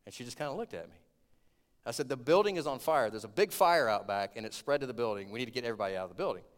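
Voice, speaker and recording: Young preacher in an echoing hall. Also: male voice, mid-range voice, rapid-fire. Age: 20s. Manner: storytelling, animated, rising to shouts in retold scenes. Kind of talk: sermon. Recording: long hall reverb.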